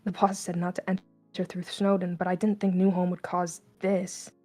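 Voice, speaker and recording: A woman reading a stern young male skeleton soldier who gives low, commanding instructions. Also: little pitch movement, moderate pace, warm tone, faint music behind, lightly acted. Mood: hushed.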